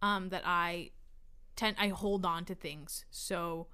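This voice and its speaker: A woman's voice: on the low side, fairly even intonation, slow pace, bright, forceful tone, clear, resonant tone. A young woman co-hosting a casual podcast, telling rambling self-deprecating stories with giggles. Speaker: podcast co-host. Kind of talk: casual chat.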